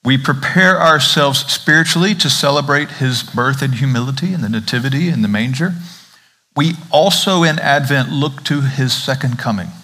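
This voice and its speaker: A man's voice: medium pitch, moderate pace, sharp tone. A man from the American South with a Southern accent, a pastor preaching an Advent sermon in a conversational way, asking the congregation questions.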